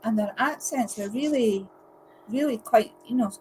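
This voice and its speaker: Chatty woman with a fairly high voice. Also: normal speed, a little mellow, slight background noise, low-quality recording. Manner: chatty, anecdotal. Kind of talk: casual group chat.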